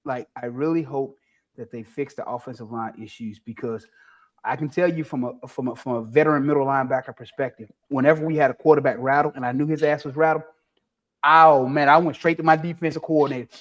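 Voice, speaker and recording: A man's voice: mid-range voice, a little fast. A man, a former college linebacker, giving blunt and emphatic opinions on a sports panel and swearing for emphasis. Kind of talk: casual sports chat.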